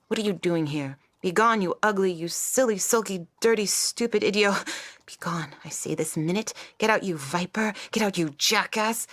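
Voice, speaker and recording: A woman's voice: lowish voice, vocal fry, fairly bright tone, no room sound, full character voice. A woman playing a vain, scornful young maidservant in a stage play, delivered with haughty mockery.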